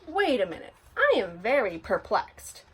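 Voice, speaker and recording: A woman reading a children's picture book aloud in an expressive storytelling voice. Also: medium pitch, a little slow, breathy edge. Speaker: storybook reader.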